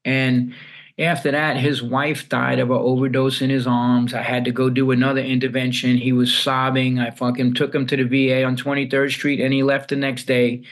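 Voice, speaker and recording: A man with a voice of ordinary pitch speaks as a guest on a podcast. He tells raw family stories bluntly, swears freely and often breaks off and restarts his sentences. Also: little pitch movement, moderate pace. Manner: blunt and profane, with frequent restarts. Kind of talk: candid storytelling in conversation.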